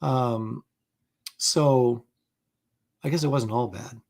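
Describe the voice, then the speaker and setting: A man's voice: medium pitch, slow, a little mellow. Middle-aged man, casual live-stream chat, rambling, self-mocking, full of ums and restarts. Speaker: host of a live comic art stream.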